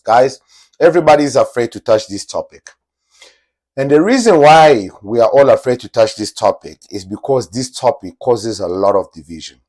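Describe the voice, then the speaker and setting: A man's voice: medium pitch, darkish tone. A man from Angola hosting his own podcast, giving an emphatic, opinionated monologue straight to his viewers, repeating phrases for effect. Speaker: podcast host.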